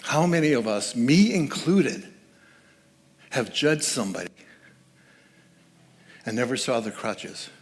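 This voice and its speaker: A man's voice: mid-range voice, lively intonation, takes it slowly, pauses often. A man speaking as guest speaker at a church service, giving a conversational, joking sermon and laughing at his own asides.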